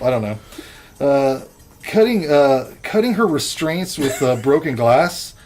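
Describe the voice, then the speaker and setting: A man's voice: a little high, unhurried. Guy cohosting a podcast, laid back movie review talk, cusses constantly, lots of jokes. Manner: profane, animated, jokey. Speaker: podcast co-host. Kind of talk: casual movie review chat.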